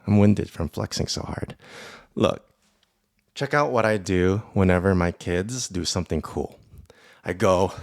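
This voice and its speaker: A man with a low, deep voice hosts a casual solo podcast, rambling and cursing with bursts of excitement. The sound is dry and close, with no room echo. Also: unhurried, pauses often. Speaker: podcast host.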